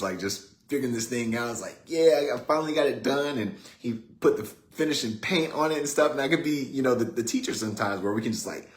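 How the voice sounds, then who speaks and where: A man hosts a relaxed motivational livestream in a lowish voice, chatting loosely and tossing in fillers. His voice echoes around a roomy space. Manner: relaxed, conversational, many fillers like 'right?'. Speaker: host. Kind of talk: casual motivational talk on a livestream. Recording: roomy echo.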